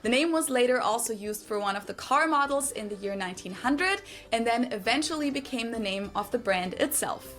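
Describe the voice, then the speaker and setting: Woman explaining in clear English. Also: a little high, expressive, over music. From Germany. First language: German. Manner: clear, informative, measured. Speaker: explainer in a played video. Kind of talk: scripted explanation.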